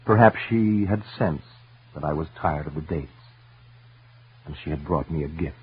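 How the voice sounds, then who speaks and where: A man giving earnest, intense first-person dramatic narration for a radio story, sometimes dropping to hushed tones. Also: a bass voice, normal speed, breathy edge. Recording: tinny old radio broadcast with faint music.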